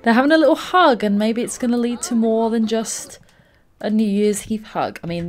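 A young woman, a let's play host, giving gushing, excitable gameplay commentary full of exclamations. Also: on the high side.

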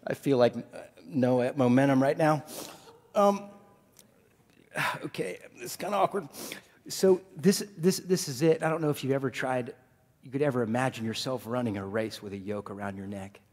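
A male pastor preaching a sermon to his congregation in a lively, joking manner. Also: mid-range voice, normal speed. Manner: animated preaching, jokes with the congregation. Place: church sanctuary. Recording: long hall reverb.

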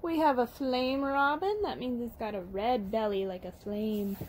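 A woman's voice: on the high side, unhurried, slight background noise. A woman teaching toddlers at storytime, reading aloud in an encouraging, sing-song way. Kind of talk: storytime lesson for young children.

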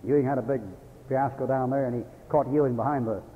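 A man's voice: medium pitch, fairly even intonation, quick pace. An older man, a Baptist preacher delivering a folksy sermon, telling stories with chuckles and breaking into angry tirades. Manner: folksy storytelling with sudden angry outbursts and chuckles. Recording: tinny phone-like old radio broadcast in a hall.

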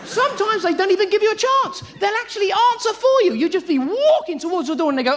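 A high-pitched man performs frantic, high-energy stand-up comedy. He swears freely and acts out voices. The stage mic catches a live theatre crowd laughing behind him. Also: expressive, fast, few pauses. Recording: live theatre recording with audience noise.

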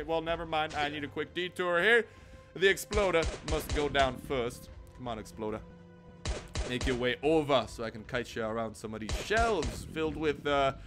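A young man casually commenting on his own gameplay, goofy and chatty, joking and talking to the enemies as he plays. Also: medium pitch. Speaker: gaming YouTuber.

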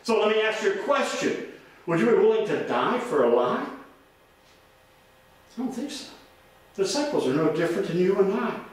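High-voiced preacher in an echoey church. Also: male voice, sing-song, fast talker. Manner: earnest preaching with frequent word repeats. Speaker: pastor. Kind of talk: sermon. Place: church sanctuary. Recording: roomy echo, voice from a distance.

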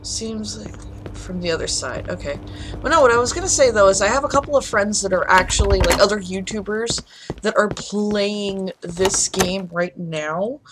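A woman's voice: mid-range voice, heavy background noise. A woman commentating a horror game, jumpy and swearing when startled, rambling in chatty asides to her viewers. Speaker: gameplay video host.

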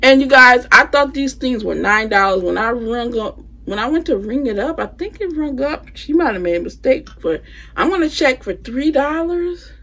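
A home decor vlogger chats casually with her viewers, calling them "you guys" as she shows off the holiday decor she bought, using phrasing like "y'all" and "I'ma." Her voice is high-pitched, animated and a bit bright, at a moderate pace.

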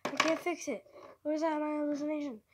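A woman's voice: high voice, level tone, a little fast, background noise. A woman giving live commentary while playing a horror game, jittery and muttering, making sound effects aloud. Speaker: gaming video creator.

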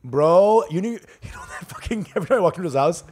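A man's voice: high-pitched, expressive, quick pace, darkish tone, husky. A man co-hosting a comedy podcast, telling crude stories with lots of swearing, laughter and mock voices. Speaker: podcast co-host. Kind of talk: casual comedic chat.

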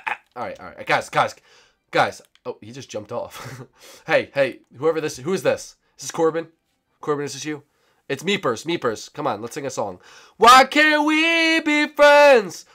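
A young man hosting a gaming channel, giving excitable, teasing commentary with sudden shouts. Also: mid-range voice. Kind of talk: casual game commentary.

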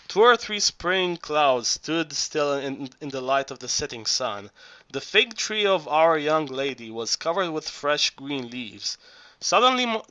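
A man narrating an audiobook in a halting reading voice, often stumbling and restarting words. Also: fairly high pitch, pushed and bright, dry recording.

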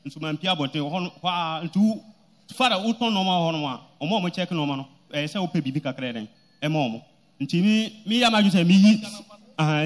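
A man giving a halting church testimony, hesitant, with many restarts. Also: a little high.

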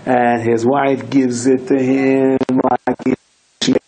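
A man's voice: medium pitch, slow pace, a little hiss or hum, low-quality recording. A man, a rabbi, telling stories in a Torah lecture, acting out his characters' lines. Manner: animated storyteller who acts out voices and shouts in quoted lines.

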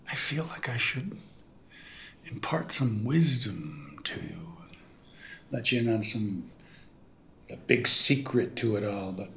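An older actor playing a dying father who reminisces to his son, gentle and rueful, often chuckling softly as he tells stories. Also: fairly low pitch, a little hiss or hum. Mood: wistful. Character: regretful dying father, wry storyteller. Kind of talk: film drama dialogue.

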